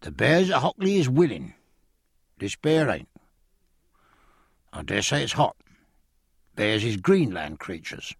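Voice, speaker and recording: A man's voice: medium pitch, big pitch swings, slow pace, long pauses, no room sound, studio quality, heavily acted. A man voicing a cheerful, superstitious English sailor who talks coarse and salty. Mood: earnest. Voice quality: rough, salty, swearing.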